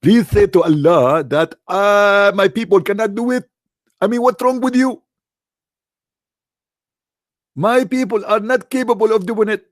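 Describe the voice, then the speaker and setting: A man's voice: high voice, normal speed, voice pushed up, lightly acted. A man voicing an exasperated, pleading middle-aged man in a raised, mocking tone.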